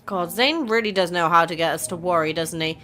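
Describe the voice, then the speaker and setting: A woman's voice: on the low side, fairly quick, fairly bright tone, soft background music. A woman hosting a casual game playthrough, chatting, reacting and reading the story aloud. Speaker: gaming channel host.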